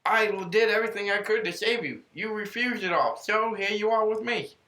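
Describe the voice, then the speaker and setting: God as voiced by a man telling a story, measured and lecturing, in an echoey room. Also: high-pitched, pushed and bright, pitched above the performer's own voice. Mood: explaining. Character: patient God, a calm male voice explaining.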